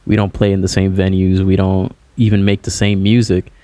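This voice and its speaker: A man's voice: deep voice, monotone, moderate pace, warm tone, dry recording. A man, a musician guest, chatting casually on a podcast over a remote call, rambling and filling his talk with "like" and "you know".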